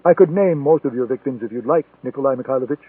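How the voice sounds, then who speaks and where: A man's voice: medium pitch, quick pace, husky, no room sound, close to an everyday voice. A man voicing a defiant male intelligence agent who speaks in a cold, accusing way. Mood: coldly accusing. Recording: tinny phone-like sound, dry.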